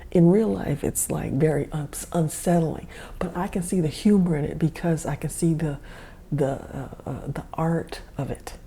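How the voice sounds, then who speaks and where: A woman's voice: low voice, normal speed, mellow, slight background noise. A woman hosting a podcast, telling a personal story in a rambling, self-correcting way and chuckling often. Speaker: podcast host. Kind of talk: casual storytelling monologue.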